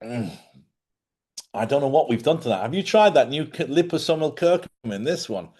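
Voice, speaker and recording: A man hosting a spiritual live stream, chatty and animated, often laughing as he talks. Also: medium pitch, normal speed, slightly rough. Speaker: spiritual host.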